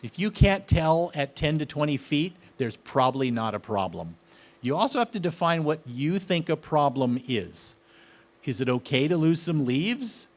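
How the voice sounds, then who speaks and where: A man leads a gardening lesson. His voice sits a little high, and he talks in a chatty, excited way. He keeps turning questions back to his audience. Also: normal speed. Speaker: gardening speaker. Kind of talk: casual outdoor garden talk.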